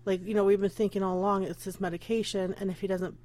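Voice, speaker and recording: A young, pregnant woman hosts her own casual podcast, rambling candidly and emotionally, often near tears and slipping into nervous laughter. Her voice is mid-range and mellow with little pitch movement, and she talks fast.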